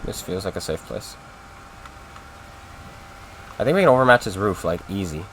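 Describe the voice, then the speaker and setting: Over a noisy background, a man with a low, expressive voice keeps up chatty, rambling live-stream talk with viewers as he plays. He speaks at a normal speed.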